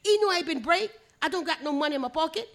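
A woman's voice: a little high, lively intonation, unhurried, a bit bright. An older woman reading the lines of an angry, broke young male fisherman in a told story. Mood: aggrieved. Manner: storytelling read-aloud, emphatic.

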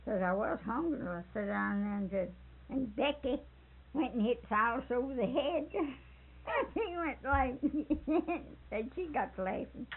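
An older woman with a drawl spins a family anecdote, laughing and backtracking over names. Her voice is gravelly and a touch high. The recording is thin and phone-like with a faint hiss underneath. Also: animated, unhurried. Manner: chuckling, rambling, repeats and corrects names. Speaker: storyteller interviewee. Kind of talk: folksy anecdote telling.

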